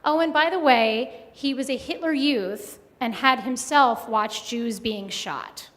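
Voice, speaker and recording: A woman telling a personal story live at a story slam, conversational with many pauses and fillers. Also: fairly high pitch. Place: live event hall. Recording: long hall reverb.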